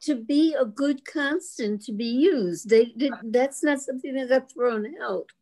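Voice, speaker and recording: A woman in the audience, speaking in a measured, thoughtful way on a video call. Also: sits high, warm tone.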